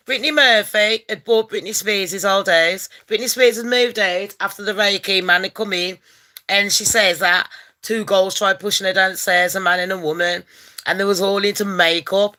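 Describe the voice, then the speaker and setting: A woman hosts a casual gossip vlog, talking in a brash, profane, rowdy way that bursts into loud rants. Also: medium pitch, steady tone, normal speed. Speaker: channel host.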